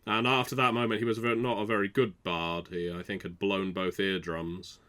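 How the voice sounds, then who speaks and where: A deep-voiced man with a bright, forward tone riffs on a film with his co-hosts. His humor is dry and mock-formal, and the talk is loose and chatty into a podcast mic. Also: flat delivery, normal speed. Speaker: podcast co-host. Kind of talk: casual movie commentary chat.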